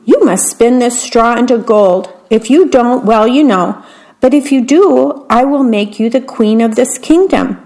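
A woman's voice: on the high side, measured pace, darkish tone. A woman voicing a pompous, greedy fairy-tale king, exclaiming and making demands. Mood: grandiose.

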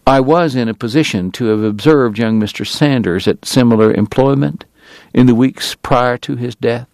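A man voicing a formal, long-winded gentleman dentist and gambler with a Southern drawl, verbose and precise. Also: medium pitch, moderate pace, creaky, dry recording, lightly acted. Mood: indignant. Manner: verbose, precise and courtly, prickly about his honor.

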